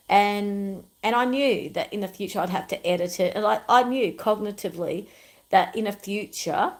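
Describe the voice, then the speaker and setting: A woman's voice: medium pitch, normal speed, rough recording. A middle-aged woman, hosting her own livestream and telling personal stories in an emphatic, rambling way with many repetitions. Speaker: YouTube channel host.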